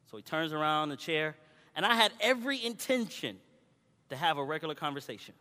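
A male preacher delivering a sermon, moving between loud exhortation and quiet personal storytelling. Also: on the high side, sing-song, brisk. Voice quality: swings from shouting to quiet storytelling. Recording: long hall reverb.

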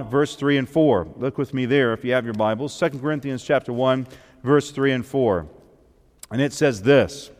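Earnest male preacher in a reverberant hall. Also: on the high side. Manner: earnest storytelling, builds up then drops soft. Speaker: minister. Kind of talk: sermon.

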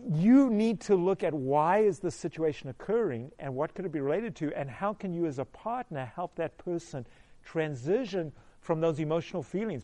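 A man's voice: a little high, dark tone. A middle-aged male pastor giving a conversational sermon, telling stories animatedly and asking the listeners questions.

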